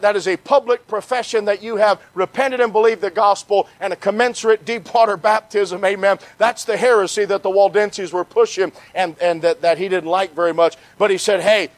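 Middle-aged male evangelist, high voice, dry close sound, passionate lecturing preacher who calls for amens. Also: no room sound. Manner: passionate, peppered with "amen?". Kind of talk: history lecture sermon. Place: church conference.

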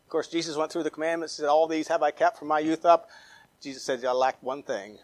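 A man preaching a sermon in a fairly high voice. He reads scripture aloud with fillers and restarts, climbs into emphatic stretches, then sinks to low, trailing drops. The sound is dry and close. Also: fairly quick, fairly bright tone, no room sound. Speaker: pastor.

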